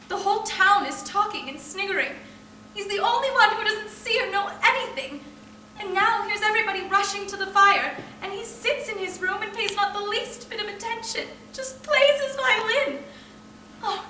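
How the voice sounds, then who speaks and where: A woman's voice: very high-pitched, pushed and bright, a little hiss or hum. A young actress in her twenties playing a despairing, overwrought young woman in a live stage play, heard from afar. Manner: emotional, pleading, breaking into outbursts. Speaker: stage actor. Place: theatre stage. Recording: roomy stage sound from far off.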